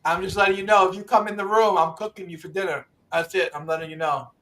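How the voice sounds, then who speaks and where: Brash high-voiced New York man. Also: steady tone, fast talker, far from the mic. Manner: brash, loud and repetitive, swearing often. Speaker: livestream host. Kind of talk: casual profane chat.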